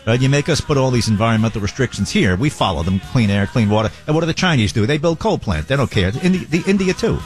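A man's voice: mid-range voice, lively intonation, fast, hardly any pauses, faint music behind. A man hosting a show, giving joking political commentary and mocking impressions. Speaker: radio show host.

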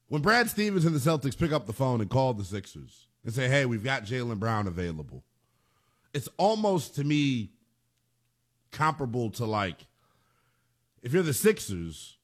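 A man hosting a sports talk radio show, delivering an emphatic monologue and repeating phrases for punch. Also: medium pitch.

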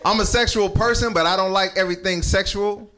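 A man's voice: high voice, steady tone, brisk, pushed and bright, faint music behind. A man doing stand-up, talking bluntly and addressing the crowd directly. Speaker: stand-up comedian. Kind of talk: stand-up set. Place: comedy club stage.

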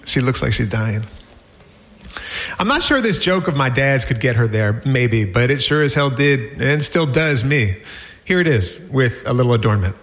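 Brief: man in his 40s, mid-pitched voice, wry memoir reading. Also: animated, moderate pace, fairly bright tone. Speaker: narrator. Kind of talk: reading a personal essay aloud.

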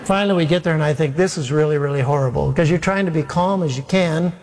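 A pastor tells a sermon story with a wry, self-mocking humor and plays every part in the exchange himself. His voice sits a little high for a man. The sound rings out with the long reverb of a large hall. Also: fast talker, a little hiss or hum. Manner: animated, self-mocking storyteller acting out dialogue.

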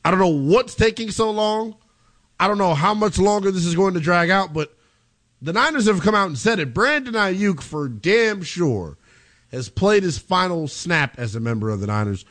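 A male sports radio host sits in a studio and works through the story at a steady, measured pace. He offers firm opinions, and his voice is a touch higher than most men's. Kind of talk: sports talk radio commentary.

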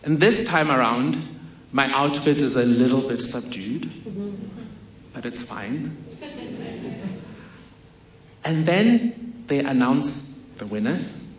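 A man's voice: medium pitch, lively intonation, unhurried. A man from telling a vivid, self-mocking personal story on stage in a large hall. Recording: echoey hall with faint noise.

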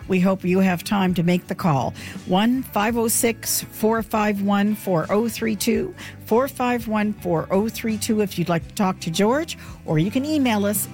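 A woman hosting a live morning radio show, chatty and excited. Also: medium pitch, moderate pace, few pauses, faint music behind.

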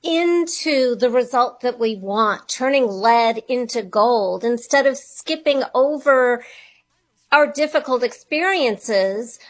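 A middle-aged woman speaks as a radio interview guest in a high, bright-pitched voice. She talks slowly and earnestly, reflective, and often stacks up questions as she works through a thought. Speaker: guest author and money coach.

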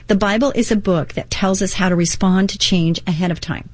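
In a dry recording, a middle-aged woman with a mid-range, slightly mellow voice speaks briskly as host of a Christian inspirational radio talk show. She sounds earnest and encouraging, weaving personal asides into devotional readings.

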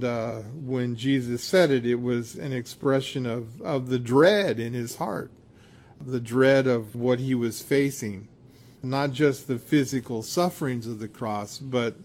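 A man preaching a sermon in a measured, reflective way, with occasional hesitations. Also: mid-range voice, darkish tone.

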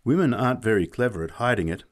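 A man's voice: medium pitch, lively intonation, quick pace, pitched above the performer's own voice, close to an everyday voice. A man voicing a spirited young woman who answers in a raised, indignant voice. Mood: flustered. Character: spirited young woman, proud and sharp-tongued.

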